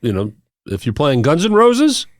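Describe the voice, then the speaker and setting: A man co-hosting a podcast in casual chat, a bass player with a relaxed, agreeable manner. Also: normal speed, no room sound, clean studio sound.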